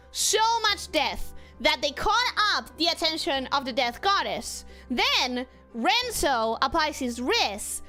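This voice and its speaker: A young woman streaming a game, chatting casually and reading chat, animated and quick to squeal and laugh. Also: high-pitched. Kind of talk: casual gameplay commentary.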